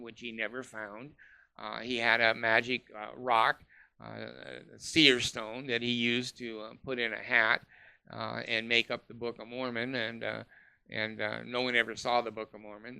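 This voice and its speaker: A man's voice: mid-range voice, bright, forceful tone, clear, resonant tone. A man delivering a scornful, profane ranting monologue, full of uh fillers. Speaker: commentator.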